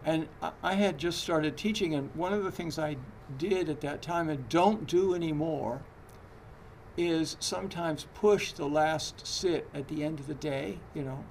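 Zen teacher, conversational and hesitant. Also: male voice, fairly high pitch, unhurried, darkish tone, slight background noise. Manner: conversational, hesitant, frequent fillers and restarts. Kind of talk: dharma talk.

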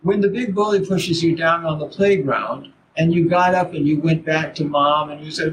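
Older guy giving a zen talk, kinda high voice, stumbles and repeats himself, noisy background. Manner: halting, repeats words, many "you know"s. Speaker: Zen teacher. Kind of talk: dharma talk.

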